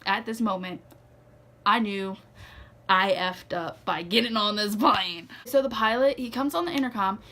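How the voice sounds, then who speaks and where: A woman's voice: medium pitch, normal speed, pushed and bright. A young woman telling a story to her vlog viewers in a chatty, casual way, full of "like" and "okay". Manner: chatty, says "like" and "okay" a lot. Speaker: vlogger.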